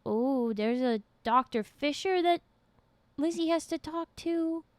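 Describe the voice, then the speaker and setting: A woman streamer reading a story aloud to her chat, lively and quick with asides. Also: sits high, dry recording.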